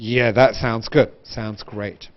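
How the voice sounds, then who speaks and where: A man's voice: lowish voice, steady tone, slow, dull audio. A man from Britain teaching an online English exam-prep lesson, drilling phrases with wide intonation and often checking in with "right?". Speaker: IELTS teacher.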